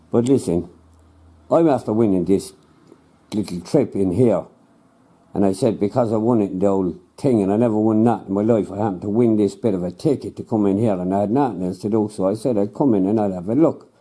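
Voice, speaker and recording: A man's voice: lowish voice, warm tone, close to an everyday voice. A man playing a blunt, suspicious, grumbling male angler in a comedy sketch. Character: grumpy, skeptical male angler, blunt Irish everyman. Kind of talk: comedy sketch, improvised two-hander.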